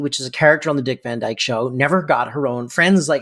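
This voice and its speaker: A man's voice: fairly high pitch, moderate pace, a bit bright. A man co-hosting a podcast in a casual chat, explaining at length with many fillers. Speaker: podcast co-host.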